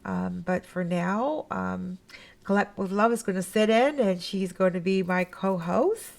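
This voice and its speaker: A woman's voice: medium pitch, a little slow, creaky. A middle-aged woman from Canada hosting a podcast in casual chat, talking with many fillers and frequent laughs. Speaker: podcast host.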